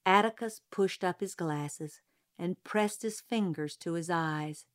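A woman narrating a novel as an audiobook, in a measured, even manner. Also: lowish voice.

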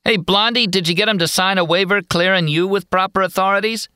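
A man reading an audiobook, voicing a jeering loafer on a dock in a high, tired voice. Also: steady tone, a little fast, sharp tone, clean tone, no room sound, studio quality. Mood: taunting.

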